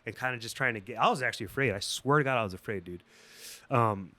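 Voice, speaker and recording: A man's voice: medium pitch, fast. A man guesting on a podcast, telling a story in casual, rambling, swear-heavy talk. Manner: profane, rambling, animated.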